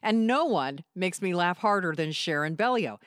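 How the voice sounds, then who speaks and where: Woman introducing a podcast segment, lively pitch. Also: moderate pace, clean tone, no room sound, studio quality. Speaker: podcast producer and writer.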